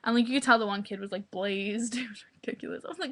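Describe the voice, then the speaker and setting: A young adult woman vlogger chatting casually, excitable and rambling with lots of "like". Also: medium pitch, fast. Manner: excitable, rambling, heavy use of "like". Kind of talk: casual vlog chat.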